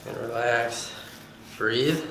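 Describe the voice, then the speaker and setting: A chiropractor talking patients through adjustments with calm, soothing instructions. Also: male voice, mid-range voice, drawn-out words. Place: treatment room, indoors. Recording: roomy room with background hiss.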